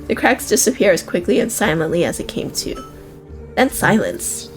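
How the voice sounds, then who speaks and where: A woman's voice: medium pitch, big pitch swings, moderate pace, soft background music. Young woman reading game text aloud. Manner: reads the game text aloud with amused reactions. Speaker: game streamer. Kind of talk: reading and reacting while playing.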